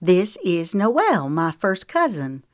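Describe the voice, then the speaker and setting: A woman's voice: on the low side, sing-song, slow, no room sound, studio quality. A woman narrator voicing a friendly, chatty female cousin in an audiobook. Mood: fond.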